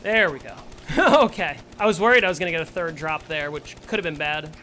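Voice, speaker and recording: Bright-voiced young man streaming a game. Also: on the high side, expressive, brisk, a little hiss or hum. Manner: joking, answers chat with playful sarcasm. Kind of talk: casual live-stream chat while playing.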